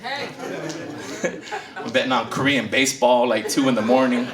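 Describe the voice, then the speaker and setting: A man in his fifties from the Philippines doing a profane stand-up set, laughing at his own jokes in front of a loud audience. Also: mid-range voice, expressive, moderate pace, echoey room. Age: 50s. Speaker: stand-up comedian. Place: casino stage before a live audience. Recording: stage mic heard from a distance, loud crowd and music. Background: laughing crowd and music.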